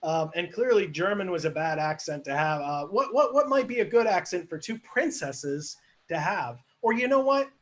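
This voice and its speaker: Upbeat male host narrating improv scenes, higher voice, casual and playful. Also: expressive, moderate pace. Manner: chatty, laughing, asks the audience for suggestions. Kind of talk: live online improv narration.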